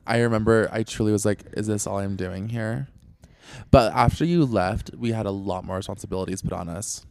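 A man's voice: on the low side, brisk, gravelly, darkish tone, no echo, clean studio sound. A man co-hosting a podcast in casual chat, with teasing, playful asides. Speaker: podcast co-host.

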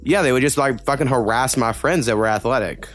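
A man's voice: medium pitch, fairly quick, a bit bright, soft background music. A young man from Oklahoma in casual podcast chat, rambling with lots of fillers and swearing. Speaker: podcast co-host.

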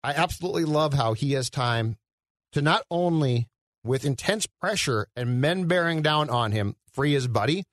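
A man's voice: on the high side, lively intonation, normal speed, fairly bright tone, dry recording. A man co-hosting a podcast, picking apart a movie sarcastically with frequent stammered restarts. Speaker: podcast co-host. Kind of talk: casual movie review chat.

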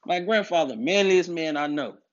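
A man with a somewhat high voice lectures emphatically, driving his points home and repeating them. He sounds preachy and insistent. The audio comes through dull and lo-fi. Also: lively intonation, moderate pace. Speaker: commentator on masculinity. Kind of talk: direct-to-camera monologue.

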